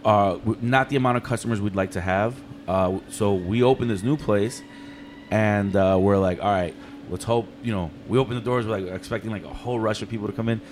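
A fast-talking man tells a story from his kitchen days in loose, profane podcast chat. He acts out every voice in the tale with lively energy. A faint hum of room ambience sits under his voice. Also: fairly low pitch. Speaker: chef and restaurant owner.

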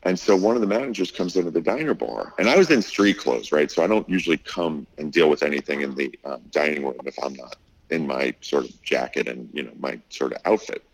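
A middle-aged man with a very low, deep voice tells a story from his restaurant in a relaxed interview. He acts out the other people's lines and fills his talk with "you know" and "like". The sound is dry and close. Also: a little fast, slightly rough, dry recording, poor audio. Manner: animated storyteller, acts out quotes, many fillers. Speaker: restaurant owner.

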